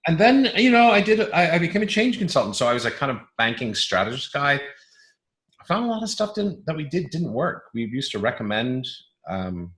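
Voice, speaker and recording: A man's voice: fairly high pitch, very animated, normal speed, fairly bright tone. A man in his fifties with a mixed transatlantic accent, chatting playfully and self-deprecatingly as an interview guest, often restarting his sentences. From Canada. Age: 50s. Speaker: guest speaker. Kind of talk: casual interview chat.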